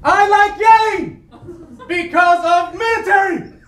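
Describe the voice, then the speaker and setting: Guy doing a loud drill leader barking orders, slow delivery, roomy echo. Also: very high-pitched, animated, noisy background, heavily acted. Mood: gruff. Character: loud, bossy male military drill leader. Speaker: improv performer. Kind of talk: improv comedy scene. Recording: echoey room, distant.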